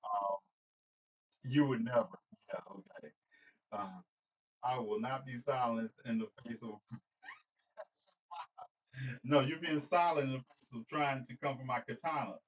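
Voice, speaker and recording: A man's voice: medium pitch, measured pace, pauses often, far from the mic, slight background noise. A man hosting a casual livestream, joking and rambling as he talks to viewers by name. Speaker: livestream host. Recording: dull lo-fi sound, slightly off-mic.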